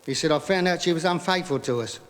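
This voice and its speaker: High-voiced man telling stand-up gags live. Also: very noisy. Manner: rapid gag patter with repeated "he said". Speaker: stand-up comedian. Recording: live vinyl recording in a hall with audience laughter.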